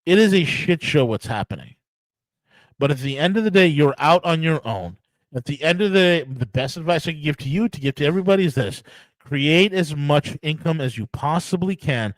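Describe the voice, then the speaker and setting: A man's voice: a little high, animated, brisk, no room sound, low-quality recording. American guy ranting mad on his own show, swears a lot, stumbles and repeats, dry close sound. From United States. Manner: angry, profane, emphatic ranting with many restarts. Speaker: podcast host. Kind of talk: solo political rant.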